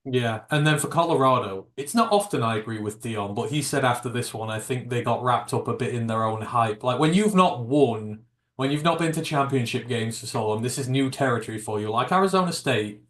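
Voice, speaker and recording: A man with a middle-pitched voice chats about sport on a podcast. His voice climbs when he presses a point, and the room gives it a noticeable echo. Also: a little fast. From United Kingdom. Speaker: podcast co-host. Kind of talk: casual sports chat. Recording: echoey room.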